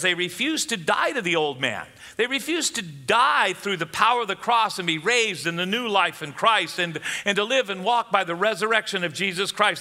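Pastor, male, high and very bright, emphatic sermon delivery, long church reverb. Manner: emphatic preaching, rising for questions.

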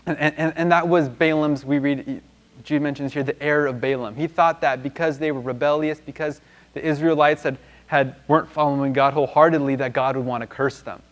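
A man's voice: on the high side, steady tone, brisk, lo-fi sound. A man teaching a Bible lesson in a loose, conversational way, with many restarts and fillers.

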